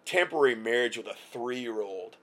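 A man putting on the voice of a scornful adult male official with a low, hushed, sneering delivery. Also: expressive, moderate pace, lightly acted. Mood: contemptuous.

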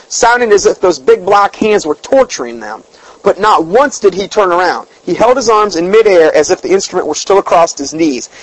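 Preaching in a conversational, storytelling manner, this high-voiced man turns emphatic and spikes upward when moved, sprinkling in asides, fillers and restarts. It's a rough recording without room sound.

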